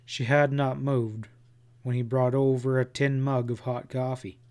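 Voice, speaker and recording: Guy reading a western audiobook, real slow, steady mid voice. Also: mid-range voice. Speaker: audiobook narrator. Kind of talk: scripted narration.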